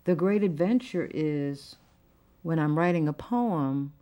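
Woman poet guest, low voice, animated melody, unhurried, laughs easily. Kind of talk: interview conversation and poetry reading.

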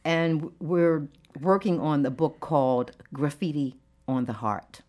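A woman poet being interviewed and reading her own work, unhurried and quick to laugh. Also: low voice, a little mellow. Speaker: guest poet. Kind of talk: interview conversation and poetry reading.

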